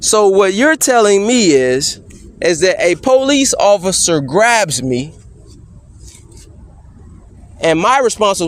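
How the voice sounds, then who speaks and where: Man, high-pitched voice, cross-examining an officer, leading questions, measured and insistent. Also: very animated, dry recording. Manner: pointed leading questions, repeatedly asking "correct?". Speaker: person questioning a police officer. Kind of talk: courtroom-style cross-examination.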